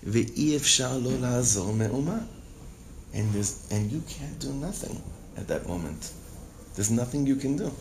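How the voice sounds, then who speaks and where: A man teaching a text-based Torah class reads Hebrew lines, then translates and explains them with strong emotion, his pitch and volume rising when he's stirred. He speaks a little slowly, with slight background noise.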